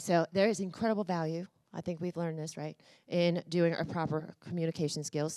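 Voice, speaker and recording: A woman speaker giving a motivational talk at a conference and coaxing the audience through voice exercises. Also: fairly low pitch. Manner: energetic, coaxing, talks to the crowd directly. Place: conference room.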